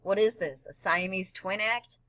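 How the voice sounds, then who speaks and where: A woman's voice: medium pitch, unhurried, fairly bright tone, far from the mic, natural voice. Cruel biker boss, as a woman reads him. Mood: menacing. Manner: curt, threatening orders. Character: menacing male biker gang boss, quiet and cruel.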